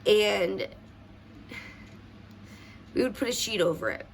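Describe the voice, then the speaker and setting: A woman's voice: mid-range voice, lively intonation, slow pace, creaky, slight background noise. A young woman vlogger telling childhood stories in a rambling, tearful way at home. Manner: emotional, rambling with many fillers. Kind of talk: casual personal storytelling. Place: at home doing makeup.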